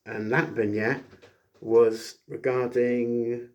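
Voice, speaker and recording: A man's voice: medium pitch, little pitch movement, takes it slowly, a little mellow. A man casually reviewing an old wrestling show, rambling with many fillers and jokey asides. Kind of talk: casual chat.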